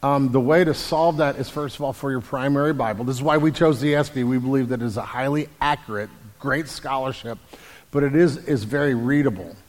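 A man's voice: mid-range voice, fairly quick. A man, a pastor, answering congregation questions about the Bible in an explanatory way, often restarting and repeating words. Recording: long hall reverb.

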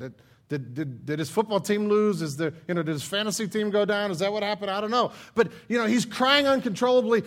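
A man preaching a sermon, retelling a Bible story in a lively, casual way and acting out the characters' lines. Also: sits high, fairly quick.

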